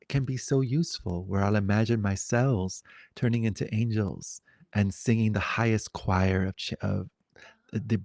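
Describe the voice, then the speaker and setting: A man leading a satsang, speaking in a reflective, gentle way with wandering pauses. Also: on the low side, gravelly, no room sound, studio quality. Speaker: satsang teacher. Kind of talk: spiritual dialogue.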